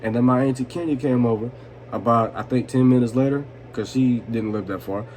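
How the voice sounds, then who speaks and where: Tipsy guy rambling through a story, lots of cussing and laughing, mid pitch, bit of hiss behind him. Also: fairly quick, darkish tone. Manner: loose, swearing, laughing, asks "you know what I'm saying". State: tipsy from vodka. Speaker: vlogger telling a story. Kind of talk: drunk storytime, casual and profane.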